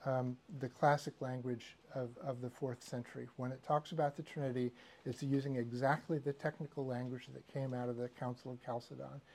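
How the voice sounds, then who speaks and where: Male teacher, mid-pitched voice, easygoing lecture delivery with asides. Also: a little mellow. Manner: conversational, with fillers and asides. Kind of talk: church doctrine lecture.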